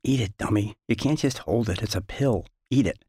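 A man reading fiction aloud, voicing a brusque, impatient man who scolds a dazed worker in clipped, gruff bursts. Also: fairly low pitch, normal speed, dark tone, no room sound, clean studio sound. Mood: scolding.

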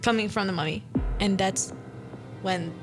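A young woman hosting a small radio show, reading her own interactive story aloud in a playful, quick way. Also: mid-range voice, music in the background. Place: small studio.

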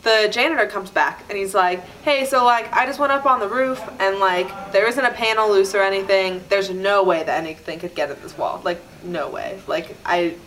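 A woman chatting casually on a podcast, telling a story with lively quoted voices and frequent laughter. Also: medium pitch, moderate pace, few pauses, slight background noise, low-quality recording. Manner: animated, acts out quoted voices, laughs often.

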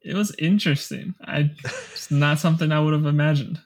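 A man's voice: on the high side, steady tone, a little fast. A man co-hosting a podcast, reacting to stories with short remarks and dry quips. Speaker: podcast co-host. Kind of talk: casual chat.

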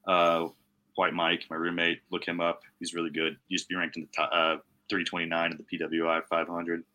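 A young man co-hosts a casual podcast, his voice low in pitch yet bright and forceful. He rambles through stories, swearing freely and dropping bro and dude as he goes. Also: monotone, fairly quick, highs cut off. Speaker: podcast co-host. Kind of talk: casual chat.

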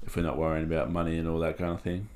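Quiet Australian man, very deep voice. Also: little pitch movement, rapid-fire, a little hiss or hum. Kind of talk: casual chat.

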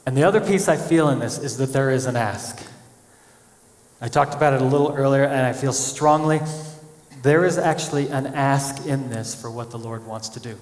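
A man preaching a sermon as pastor, animated, acting out quoted voices as he speaks. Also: mid-range voice, moderate pace. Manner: animated, acts out quotes of God and people. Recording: echoey church hall.

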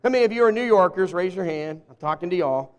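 Southern US pastor, fairly high voice, jokey and folksy with the crowd, long hall reverb. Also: male voice, fast, clean tone, highs cut off. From Southern US (Arkansas). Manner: folksy, jokey, talks straight to the congregation. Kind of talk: humorous sermon. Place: church sanctuary with a live congregation.

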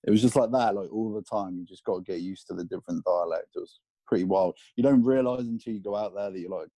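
A man from England with a southern English accent, a podcast guest chatting in a relaxed way with many fillers. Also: fairly low pitch, quick pace, no echo. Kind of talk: casual chat. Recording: dull, lo-fi call audio.

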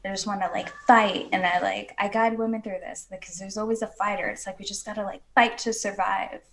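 A woman's voice: medium pitch, level tone, brisk, gravelly, fairly bright tone. A woman talking earnestly and at length as a guest on a podcast, with many fillers. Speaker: podcast guest, women's coach. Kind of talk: casual podcast chat.

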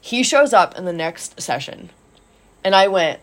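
A woman coach telling a story in casual chat, animated and acting out quotes with lots of "like". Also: on the low side, measured pace.

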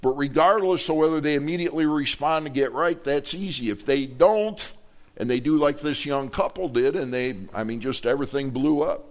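A man's voice: a little high, normal speed. A man preaching a sermon from a church pulpit to his congregation, talking in a loose, conversational way, restarting his words and joking with the people. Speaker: pastor. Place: church sanctuary.

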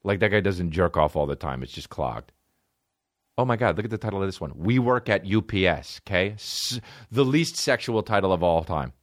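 A young man chats on a comedy podcast, his pitch swinging widely as he jumps from disbelief to mockery. He reads strangers' personal ads aloud and tears into them in crude, incredulous asides. The sound is dry and close, with almost no room in it. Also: animated, a little fast, no echo. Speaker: podcast co-host. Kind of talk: casual comedy podcast chat.

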